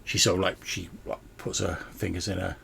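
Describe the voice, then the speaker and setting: Deep, gravelly game master. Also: male voice, little pitch movement, fairly quick, a bit bright, a little hiss or hum. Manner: casual narration with many fillers. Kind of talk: narrating a tabletop game.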